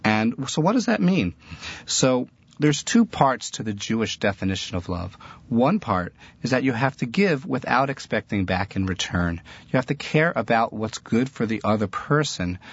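A man's voice: fairly low pitch, breathy edge. A middle-aged man giving a Jewish religious talk as a teacher, earnest and storytelling, with laughter slipping into his words. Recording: dull, lo-fi, dry recording.

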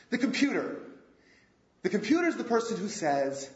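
Man teaching a workshop, fairly high voice, echoey room, muffled lo-fi recording. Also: fairly quick. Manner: animated, asks audience rhetorical questions. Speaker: workshop leader. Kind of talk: relationship workshop lecture. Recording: echoey room, dull lo-fi sound.

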